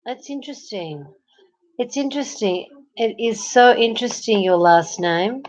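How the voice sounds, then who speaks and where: A little high and animated, this Australian woman's voice moves a little slowly, and the recording has its highs cut off. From bed at night, she chats casually on a live stream, welcoming viewers and reading their comments aloud.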